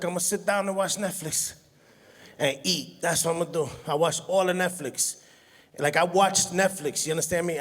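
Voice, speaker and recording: A man, doing an animated, self-mocking stand-up comedy set and laughing at his own jokes. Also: fairly high pitch. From Brooklyn, New York. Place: large hall on stage. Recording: echoey hall sound.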